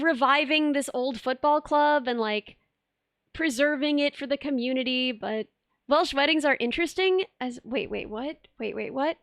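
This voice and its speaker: A woman's voice: high-pitched, a bit bright, dry recording, studio quality. A young woman streamer in casual live chat, reading viewer messages and rambling with many restarts.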